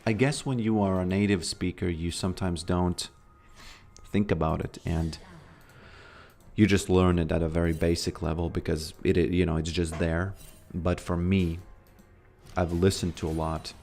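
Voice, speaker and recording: A man's voice: sits low, fairly even intonation, moderate pace, a little mellow. A man from Latvia with a Latvian accent, chatting casually and rambling with many fillers while streaming a game. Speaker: gaming streamer. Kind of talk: casual live-stream chat while playing.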